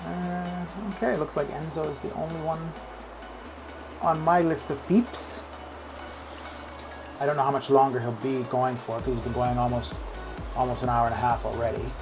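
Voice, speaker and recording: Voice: medium pitch, fairly even intonation, normal speed, long pauses, rough recording. A game streamer chatting casually with viewers in a live stream, rambling with lots of restarts and fillers, over faint background music.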